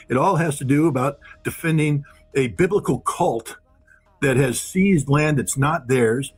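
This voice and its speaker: A man's voice: medium pitch, husky. A man giving impassioned, blunt political commentary as a guest, repeating phrases for emphasis.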